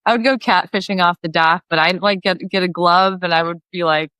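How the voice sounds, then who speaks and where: Her voice is fairly low and clean-toned, moving fairly quickly, captured in clean studio sound with no echo. She's a singer in her thirties from Lake of the Ozarks, Missouri, a giggly, animated podcast guest who acts out quoted voices during a casual storytelling interview.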